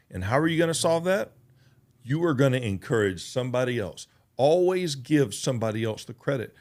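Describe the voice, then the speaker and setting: Earnest male podcast host. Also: fairly high pitch. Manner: earnest, emphatic, repeats points. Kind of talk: motivational podcast monologue.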